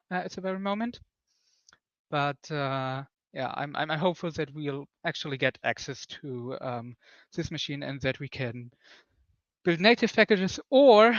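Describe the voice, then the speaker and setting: A man's voice: medium pitch, fairly bright tone, no room sound, dull audio. A man on a technical call, explaining package builds with many fillers and restarts. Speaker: developer on a conference call. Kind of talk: technical discussion.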